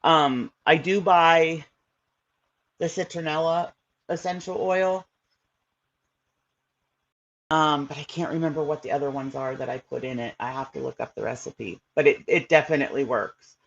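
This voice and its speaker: A woman's voice: low-pitched, moderate pace, long pauses. Woman streamer, casual viewer chat, rambling with fillers, dull lo-fi audio. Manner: chatty and rambling, with many fillers. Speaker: livestream host.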